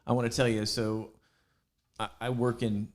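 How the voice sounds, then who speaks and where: A man's voice: medium pitch, flat delivery, moderate pace. A man speaking earnestly on a casual podcast, thanking his coaches and praising college athletes. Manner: earnest, laughs along, heartfelt thanks.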